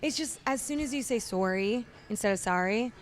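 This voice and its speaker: A woman's voice: a little high, lively intonation, brisk, slight background noise. A Canadian woman from Ontario, a podcast guest chatting casually and rambling off on tangents into a studio mic. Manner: bubbly, rambling, goes off on tangents. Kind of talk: casual chat. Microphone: studio microphone with headphones.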